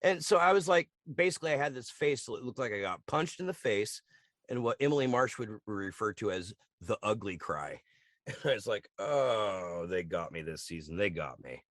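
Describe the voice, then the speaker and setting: A podcast co-host with a mid-range voice recaps a TV show in a lively, casual chat full of swearing, acting out lines in quick voices. The recording is studio quality with no room sound.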